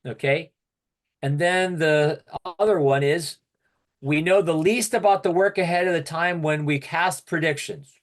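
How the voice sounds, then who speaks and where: A man facilitating an online workshop over a video call, steady and peppering his speech with "okay". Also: fairly high pitch, unhurried.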